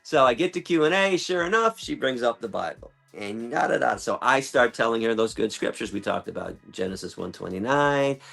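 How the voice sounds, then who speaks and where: A man, an animal rights activist, telling an impassioned story as a guest in an emphatic, animated way. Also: medium pitch, fairly quick, creaky, hardly any pauses, soft background music. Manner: animated, emphatic, acts out quotes.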